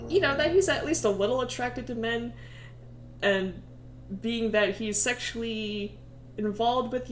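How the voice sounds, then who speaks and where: A woman streamer retelling a story in a casual way, crude, giggly and animated. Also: medium pitch, roomy sound.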